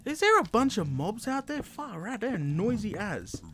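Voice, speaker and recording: A man with an Australian accent giving casual, chatty commentary over his own gameplay as a video host, excitable and self-deprecating. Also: sits high, moderate pace, background noise.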